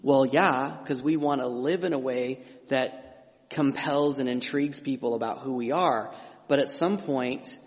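A man's voice: medium pitch, measured pace. A middle-aged man preaching a sermon as pastor, conversational and emphatic, with frequent restarts and asides. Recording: long hall reverb.

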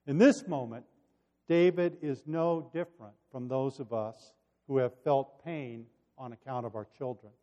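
A man preaching a sermon, reading scripture with dramatic delivery and then reflecting quietly. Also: medium pitch, unhurried. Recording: dull sound with long hall reverb.

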